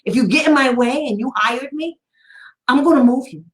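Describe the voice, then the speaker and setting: A woman's voice: sits high, normal speed, roomy sound. A woman special education advocate telling a story in casual talk, blunt and sarcastic, often laughing.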